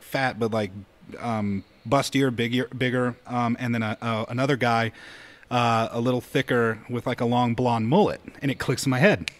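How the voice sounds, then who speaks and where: A man from Colorado, a podcast co-host, telling a story in an animated, chatty way with many fillers. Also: medium pitch. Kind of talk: casual storytelling.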